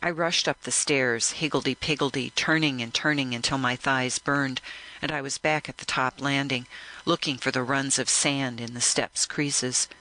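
A man narrating a first-person audiobook in a measured, reflective way. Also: medium pitch, steady tone, pushed and bright, rough recording.

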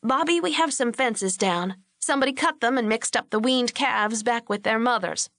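A woman's voice: fairly high pitch, normal speed, a bit bright, no room sound, clean studio sound, pitched above the performer's own voice. A woman voicing a worried middle-aged ranch wife and mother, talking earnestly.

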